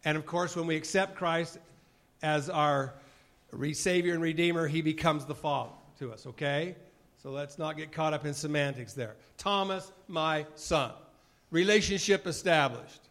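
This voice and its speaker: A man's voice: a little high, moderate pace, fairly bright tone. A man giving an earnest sermon, bearing testimony and acting out short dialogues from his time as a mission president, at moments choked up with emotion. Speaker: former mission president giving a devotional talk.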